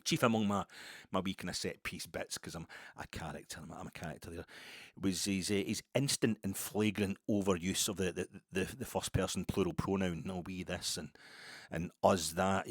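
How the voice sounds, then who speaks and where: A Scottish man with a very low voice hosts a podcast in a rambling, self-mocking monologue. He swears freely and jokes at his own expense. The sound is dry and close, with no room echo. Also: fairly quick. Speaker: podcast host.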